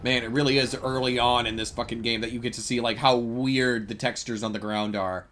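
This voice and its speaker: A man's voice: mid-range voice, fairly even intonation, fairly quick, fairly bright tone, slight background noise. A man streaming a game, casual and joking, with frequent swearing. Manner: swearing, joking, laughs a lot. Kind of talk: casual live-stream commentary.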